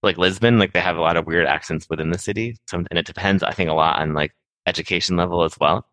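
Fast-talking low-voiced man, chatty. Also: fairly even intonation, a bit bright, no echo. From Massachusetts, USA. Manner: rapid, rambling, heavy use of "like", quick laughs. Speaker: podcast guest. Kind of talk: casual conversation.

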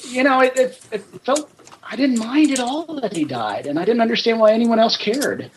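A man's voice: extremely high pitch, expressive, normal speed, a little hiss or hum. A man in a casual movie review chat, talking emphatically with restarts and scornful asides.

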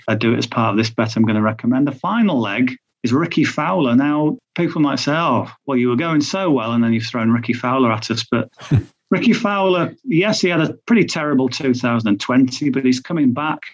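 Male podcast tipster, mid pitch, chatty, lots of fillers, dull lo-fi audio. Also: expressive, brisk, breathy edge. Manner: chatty, reels off stats and odds with frequent fillers. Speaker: golf betting tipster. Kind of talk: podcast chat.

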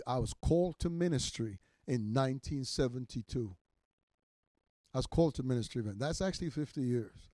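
Older guy preaching on a podcast, warm low-key tone, dry recording, gets loud and punchy on the big lines. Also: expressive, normal speed, dry recording. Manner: emphatic preaching, rising loud on key words; repeats phrases for emphasis. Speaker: minister. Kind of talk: podcast sermon teaching.

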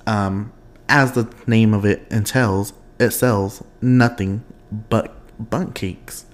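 A young man hosting his own podcast in casual, expressive chat, laughing often and wandering off on tangents. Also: on the low side, takes it slowly. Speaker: podcast host.

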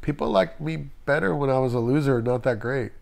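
Man from Las Vegas, tattoo artist, candid storyteller, emotional, swears, mid-pitched voice. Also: a little fast, creaky. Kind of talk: casual interview storytelling.

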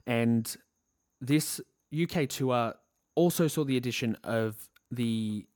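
An enthusiastic young man chats to his viewers about a show he loves, with an excitable, talkative manner. His voice sits at an ordinary pitch. It is recorded dry and close. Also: takes it slowly, no room sound. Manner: enthusiastic, excitable, laughs often. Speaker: theatre fan vlogger. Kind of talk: casual recounting to camera. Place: lives in Sydney.

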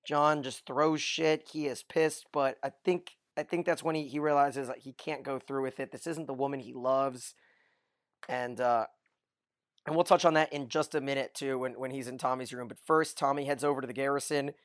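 A man co-hosting a podcast, giving a casual, lively recap of a TV episode and chuckling often. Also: medium pitch, normal speed, dry recording, studio quality. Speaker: podcast co-host.

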